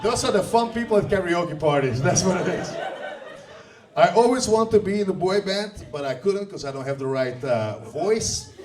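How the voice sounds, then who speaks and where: A man with a Russian accent performing a stand-up comedy set on a club stage, deadpan and animated. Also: high-pitched, moderate pace, far from the mic, noisy background. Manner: deadpan, animated delivery with sung bits.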